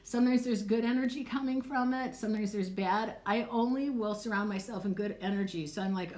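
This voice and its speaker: A woman's voice: medium pitch, brisk, hardly any pauses, darkish tone. A middle-aged woman psychic answering questions in a live stream, chatty and candid, swearing casually and laughing often. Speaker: psychic and clarity coach.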